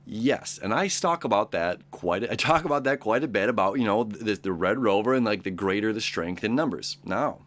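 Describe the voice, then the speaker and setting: Animated man rambling about astrology. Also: lowish voice, normal speed, hardly any pauses. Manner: rambling, animated, acts out quoted friends. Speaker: astrology show host. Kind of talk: casual daily horoscope talk.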